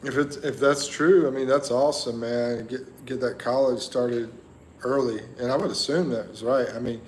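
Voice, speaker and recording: A man's voice: mid-range voice, steady tone, moderate pace, a little hiss or hum. A man hosting a casual livestream, chatting with viewers and thinking aloud in a rambling way. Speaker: livestream host. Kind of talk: casual live chat reading viewer comments.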